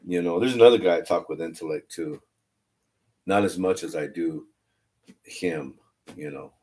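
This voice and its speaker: On a livestream, an online religious streamer talks about faith in a casual, candid way, rambling and restarting his phrases. His voice is low and a little mellow.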